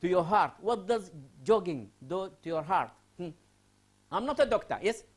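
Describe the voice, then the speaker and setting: A male university lecturer from Sudan teaching English writing to a class. His pitch swings widely as he questions students and repeats his points. He talks in a classroom. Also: normal speed, husky. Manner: lively, asks students questions and repeats phrases.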